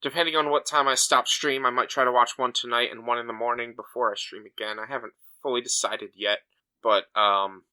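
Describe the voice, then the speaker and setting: A man's voice: mid-range voice, fairly even intonation, fairly quick, sharp tone, clean tone. A young man co-hosting a podcast in casual chat, talking emphatically with many fillers and restarts. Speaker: podcast co-host.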